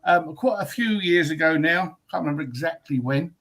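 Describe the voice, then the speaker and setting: English guest, husky, rambling storyteller, hesitant. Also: male voice, on the high side, lively intonation, normal speed, fairly bright tone, rough recording. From England. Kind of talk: casual chat.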